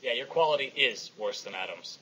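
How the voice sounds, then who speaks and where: A young man co-hosting a casual gaming podcast, playful and animated when telling stories. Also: mid-range voice, brisk, slight background noise, poor audio. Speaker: podcast co-host.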